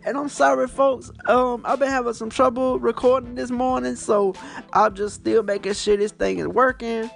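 A man hosting a casual podcast on his phone, retelling books and shows in an animated, profane, rambling way. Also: high voice, moderate pace, vocal fry, faint music behind. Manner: animated, profane storytelling with lots of fillers. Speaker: podcast host.

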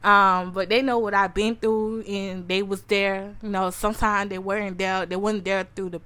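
Young woman, podcast host, earnest, repetitive, calls listeners honey, mid-pitched voice. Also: flat delivery, moderate pace, bright, forceful tone. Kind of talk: personal testimony to a live audience.

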